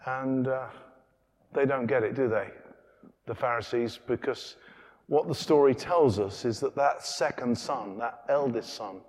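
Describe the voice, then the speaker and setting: A man preaching in a lively, conversational way, throwing out rhetorical questions to his congregation. His mid-pitched voice carries into the long reverb of a large church. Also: a little slow. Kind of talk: sermon.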